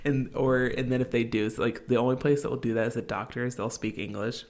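A woman's voice: rumbling low, fairly even intonation, fairly quick, noisy background. Woman in her late twenties, rambling chat. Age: late 20s. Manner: rambling, filler-heavy, laughs easily. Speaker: podcast co-host. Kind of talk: casual chat.

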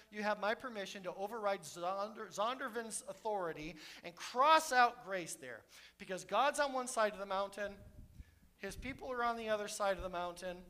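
A man preaching a sermon as pastor, swinging between fervent shouts and soft, intimate asides. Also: high-pitched.

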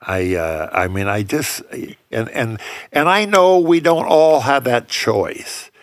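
A man's voice: medium pitch, animated, takes it slowly, no room sound, clean studio sound. An older man, a pianist and songwriter, telling stories in a reflective, earnest way during a casual conversation.

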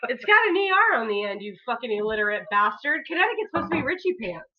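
A woman's voice: on the high side, sing-song, fast talker. A woman co-hosting a casual podcast chat, brash and profane, laughing often and a little tipsy. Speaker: podcast co-host. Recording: slightly dull lo-fi recording.

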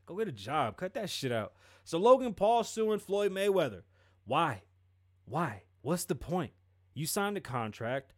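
A male host giving casual, profane pop-culture commentary on a livestream and acting out quoted dialogue. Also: medium pitch.

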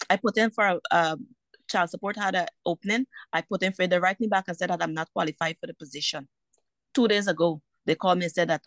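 A woman's voice: lowish voice, a bit bright, dry recording. A woman, a mother caught in a custody dispute, telling her story in a heated, indignant way and repeating herself for emphasis. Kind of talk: emotional personal account.

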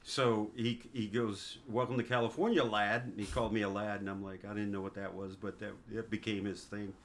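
A man's voice: fairly low pitch, level tone, a little fast, slight background noise. A man in his fifties from the American East Coast, telling long anecdotes as a guest in a casual chat. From East Coast of the United States. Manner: leisurely anecdotal storyteller who acts out others' lines. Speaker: guest, father of the host.

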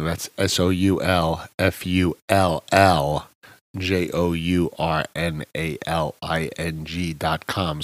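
A man's voice: sits low, dry recording. Chatty New York man hosting a podcast. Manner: chatty, animated, self-deprecating humor. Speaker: podcast host. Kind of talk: podcast interview.

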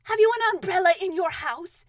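Storybook teddy bear, a woman reading: high, thoughtful, ponderous. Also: expressive, normal speed, fairly bright tone, no room sound. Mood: eager. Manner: earnest and ponderous, with hesitant restarts. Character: gentle, earnest, slow-witted male teddy bear.

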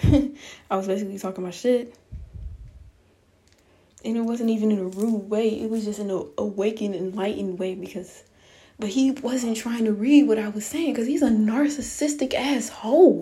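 Young woman ranting to y'all bout some guy, mellow low-key tone, cussing a lot, blunt and fed up. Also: normal speed. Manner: blunt, profane, exasperated, addresses viewers. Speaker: vlogger. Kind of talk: casual storytime rant.

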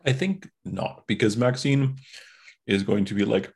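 Thoughtful player, low husky voice. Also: male voice, a little slow, darkish tone. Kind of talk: casual chat.

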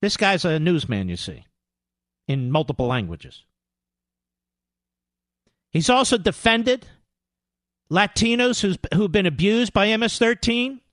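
A sarcastic male radio host with a high voice that swings up and down as he rants. He sounds dry and close to the mic, scoffing and combative throughout. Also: big pitch swings, measured pace, pauses often, fairly bright tone, no room sound. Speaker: radio talk show host. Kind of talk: political talk radio monologue.

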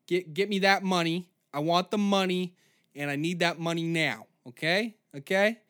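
A man's voice: high-pitched, a bit bright, clear, resonant tone. A man hosting a comedy podcast, mock-desperately begging for money and swearing freely. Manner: mock-desperate, begging, profane, spells slowly. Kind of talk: comedic monologue.

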